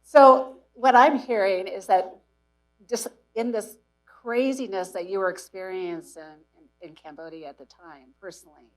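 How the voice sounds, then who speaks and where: A woman's voice: medium pitch, a little slow, poor audio. A woman interviewing a guest on stage before students, summing up and asking follow-up questions. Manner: encouraging, summarizing questions. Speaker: interviewer and moderator. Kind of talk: onstage interview. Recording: faint mains hum.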